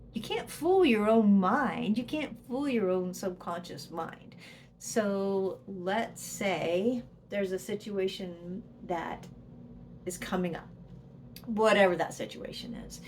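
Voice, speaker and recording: A woman's voice: mid-range voice, darkish tone, a little hiss or hum. A woman presenter giving a casual educational talk to camera, explaining with examples and dropping to a whisper for the inner voice. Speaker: psychologist and presenter.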